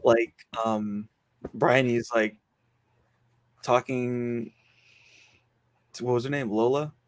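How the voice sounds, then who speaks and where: A man's voice: mid-range voice, fairly even intonation, slow pace. A man hosting a casual podcast, recapping a film's plot in a rambling way full of fillers. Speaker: podcast host reviewing a film.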